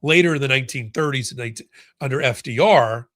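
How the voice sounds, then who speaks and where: A man's voice: mid-range voice, fast talker, a bit bright, no room sound, studio quality. A man hosting a casual live-stream about a court case, chatting and reading out viewer comments with frequent restarts. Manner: conversational, reads viewer comments aloud, many restarts. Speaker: legal commentary host.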